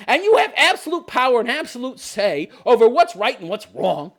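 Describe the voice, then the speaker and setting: Man, sarcastic rant, swings up and down in pitch, laughs and swears a lot. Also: sing-song, moderate pace, a bit bright. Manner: sarcastic, laughing, profane, mocking quoted characters. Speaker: commentary host. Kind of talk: ranting episode commentary.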